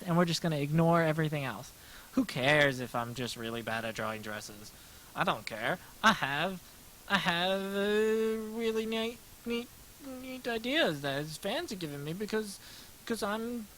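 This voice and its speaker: Sketching live for his stream, this artist talks in a high, slightly bright voice over poor audio with a bit of hiss or hum. His chatter wanders, turns self-deprecating, and keeps starting over.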